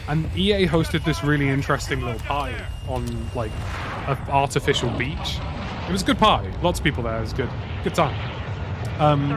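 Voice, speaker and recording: A British man casually telling a rambling, slang-heavy story while playing a game. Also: mid-range voice. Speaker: gaming YouTuber. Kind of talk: casual anecdote over gameplay. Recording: game sound noise under voice.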